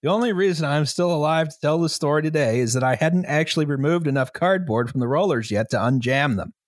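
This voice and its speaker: A man reading a story aloud to a co-host in a measured, steady way, now and then breaking into laughter. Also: fairly high pitch, no echo, clean studio sound. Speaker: story reader.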